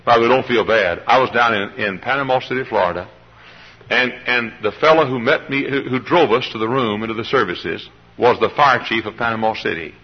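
A man's voice: medium pitch, a little fast, husky, lo-fi sound. A man preaching a sermon to a church congregation, directing members by name and calling for responses. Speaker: pastor. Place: church service.

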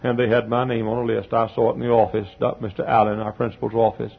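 An older man from Texas preaching a sermon in a folksy style, swelling to near-shouted peaks and dropping to quiet asides. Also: medium pitch, flat delivery, fast, gravelly, slightly rough. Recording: dull lo-fi sermon tape.

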